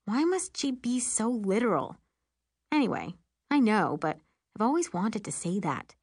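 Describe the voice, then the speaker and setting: Woman narrating as an excitable wry teen girl, slow and dry, audiobook. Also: mid-range voice, no echo. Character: excitable meddling teenage girl. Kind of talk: first-person audiobook narration.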